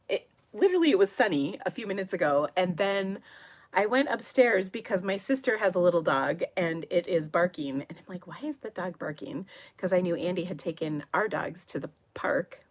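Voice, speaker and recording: Middle-aged woman, livestream host, rambling casual chat, laughs often, lowish voice. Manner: rambling and chatty, with frequent laughs and soft asides. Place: her home.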